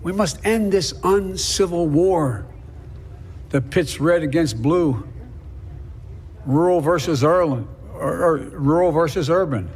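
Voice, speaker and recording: A man doing a slow, solemn old president. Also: fairly high pitch, darkish tone, big-room sound, a little hiss or hum. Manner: slow, halting oratory. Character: impression of an older male president giving a speech. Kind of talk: solemn political speech parody.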